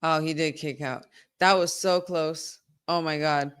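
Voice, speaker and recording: Woman host, slow unhurried delivery, live watch-along commentary, excitable reactions. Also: low-pitched, smooth. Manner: excitable, talks to viewers, exclaims at the action.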